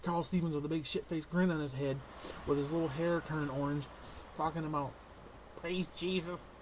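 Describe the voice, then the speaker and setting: A man vlogging a profane, sarcastic comedic rant that swings between shouting and hushed whispers. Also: fairly high pitch, steady tone, brisk, slight background noise.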